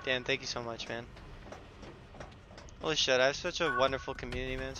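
A young man streaming a video game live, chatting casually and excitedly with viewers and teammates, swearing now and then. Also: mid-range voice, a little fast, long pauses, muffled recording, slight background noise. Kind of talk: casual live gameplay commentary.

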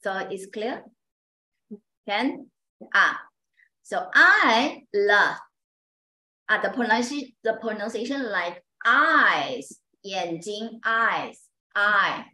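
A woman's voice: medium pitch, animated, takes it slowly, pushed and bright, roomy sound, rough recording. A woman teaching an online Chinese pronunciation class, speaking simple non-native English and patiently repeating sounds for her students.

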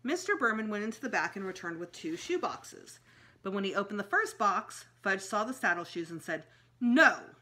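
A woman, a school librarian, reading a children's chapter book aloud with expressive storytelling. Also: mid-range voice, fairly quick.

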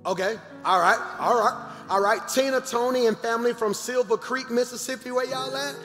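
A man, a pastor making lively announcements to his congregation from the pulpit. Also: very high-pitched, normal speed, in a large hall, faint music behind. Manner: animated, calls out to the congregation. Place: large church auditorium.

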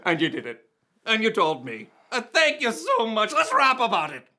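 MC Haggis, a squeaky Scottish rapper. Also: male voice, wildly swooping pitch, pushed and bright, full character voice. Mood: flustered. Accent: put-on Scottish. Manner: boastful, flustered, quick to laugh. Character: boastful self-styled Scottish rapper man, excitable. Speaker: skit character. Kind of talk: kids' church comedy skit.

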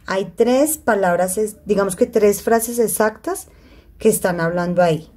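A woman's voice: medium pitch, normal speed, darkish tone. A woman teaching an online English grammar class in a Spanish accent, her first language being Spanish, reading example sentences aloud and switching into Spanish to explain. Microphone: computer mic in a video call.

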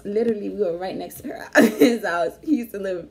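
A young woman telling a story in casual chat, animated and slangy, laughing often. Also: mid-range voice, brisk. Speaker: vlog host.

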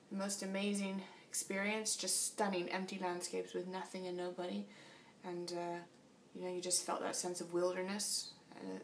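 A long-distance cyclist, tired after a long flight, vlogs casually about her ride from a small motel room and laughs a lot. She has a gravelly, lowish voice, captured from a distance with a bit of hiss or hum.

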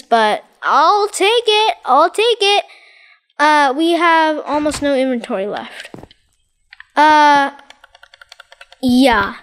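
A woman giving excitable, dramatic commentary over her Minecraft gameplay, exclaiming and repeating herself. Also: high voice. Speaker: gaming channel host.

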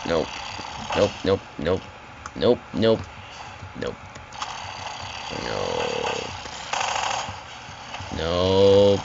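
Male let's-player, lowish voice, rambling and panicky, with game audio loud in the mix. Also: huge pitch swings, very slow, creaky, long pauses. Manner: rambling, yelps and repeats words when panicked. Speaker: gaming channel host. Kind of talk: casual let's-play commentary. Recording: loud game noise behind the voice.

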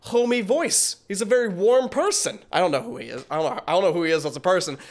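Man, reaction video host, high-pitched, very animated delivery, rambling, stumbling over words. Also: fast. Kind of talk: casual reaction commentary.

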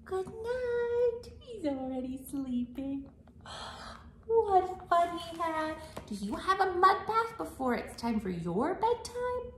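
A woman reading a picture book aloud to children as librarian, animated and singsong, asking them questions, in an echoey room. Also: extremely high pitch, slow pace, a little hiss or hum.

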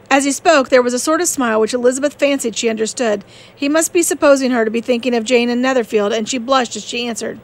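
A woman narrating a classic novel as an audiobook reader, steady and measured. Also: fairly high pitch.

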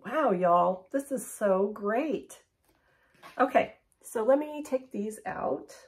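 Middle-aged woman, casual haul vlogger, gravelly fry. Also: a little high, expressive, slow. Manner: chatty, upbeat, drops to a near whisper for close-ups. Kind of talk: casual chat unboxing and try-on.

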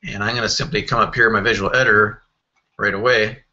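A man's voice: lowish voice, steady tone, fast, bright, forceful tone, muffled recording. Man narrating a casual screen tutorial. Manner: casual, thinking aloud with fillers and self-corrections. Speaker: software tutorial presenter. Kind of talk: screen-recorded software walkthrough.

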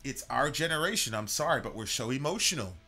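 Faint music sits behind a reaction-podcast co-host whose medium-pitched voice is expressive, bright and forceful, with a quick pace. He rants casually and animatedly about politics, swearing and repeating words as he stumbles.

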